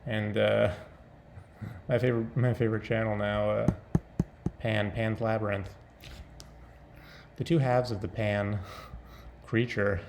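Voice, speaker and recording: A man's voice: lowish voice, flat delivery, a little slow, gravelly, pauses often, background noise. A man talking off the cuff in a casual vlog, rambling, breaking off mid-thought and laughing often.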